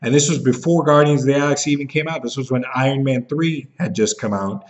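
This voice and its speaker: A man's voice: mid-range voice, fast, muffled recording. A man ranting angrily and bitterly to camera, swearing often and mocking others in put-on voices. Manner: bitter, profane, jumps into mocking voices when he is upset. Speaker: vlogger. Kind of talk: angry rant to camera.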